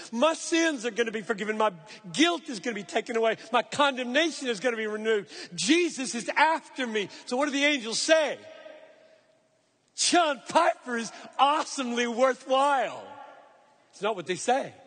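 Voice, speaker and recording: High-voiced preacher in a reverberant hall. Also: male voice, expressive, fairly bright tone. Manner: emphatic, slows down to stress key phrases; earnest, explaining scripture to listeners. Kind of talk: sermon.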